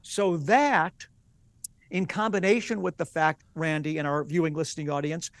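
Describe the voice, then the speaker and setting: A man's voice: on the high side, steady tone, moderate pace, a bit bright, dry recording. A rabbi and Bible teacher, a man, explaining in an earnest teaching manner during a broadcast interview, working through examples step by step.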